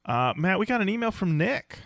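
Male podcast co-host, bright clean tone, rambling chatty delivery, dry close sound. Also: sits high, big pitch swings, brisk, gravelly, no room sound. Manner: rambling with restarts and fillers. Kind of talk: casual chat.

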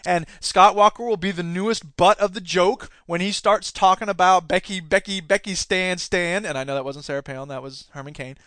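A high-pitched man rants through a casual political podcast, sarcastic and fired up, often laughing at his own jokes. His tone is bright and sharp. The recording is dry and close, with no room sound. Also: brisk, hardly any pauses, dry recording. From Wisconsin. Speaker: podcast host; teacher union member.

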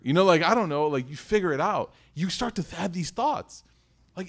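A man teaching a sermon in a conversational, animated way, telling a personal story and asking rhetorical questions. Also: high-pitched, moderate pace. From United States. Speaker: Islamic teacher.

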